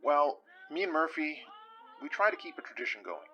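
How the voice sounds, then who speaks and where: A man's voice: fairly high pitch, very animated, moderate pace, sharp tone, dull audio, soft background music. A man playing an awkward detective in an audio drama, hesitant and self-deprecating.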